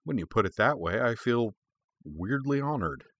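A man's voice: mid-range voice, very animated, moderate pace, a bit bright, no echo, voice pushed up. A man voicing a brash, hot-tempered woman. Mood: wry. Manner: blunt, smirking.

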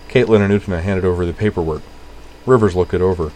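Low-voiced male audiobook narrator. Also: quick pace, poor audio. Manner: steady, descriptive reading.

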